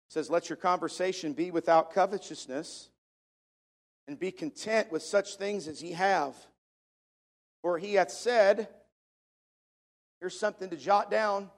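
A man preaching a sermon as pastor, emphatic, slowing down to stress the verses he quotes and drifting on and off the microphone. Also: high voice.

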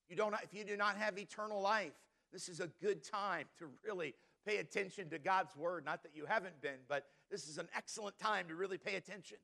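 A man's voice: sits high, a little fast, gravelly, few pauses, pushed and bright. A male pastor preaching a sermon, emphatic and repeating key words for stress, calling on the congregation to answer back.

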